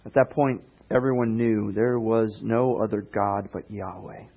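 A man preaching a casual sermon, retelling stories in a conversational way with sarcastic asides and quick character voices. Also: on the low side, steady tone, creaky, narrow, tinny audio. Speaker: pastor.

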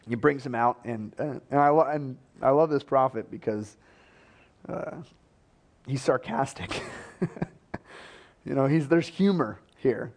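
A man's voice: mid-range voice, a little slow, gravelly, pauses often. A man preaching a sermon in a conversational storytelling way, acting out the voices he quotes.

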